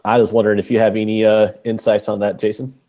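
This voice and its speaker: A man's voice: fairly low pitch, flat delivery, fast, dull audio. A man co-hosting a casual sports betting podcast, rambling and joking with lots of fillers. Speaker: podcast co-host.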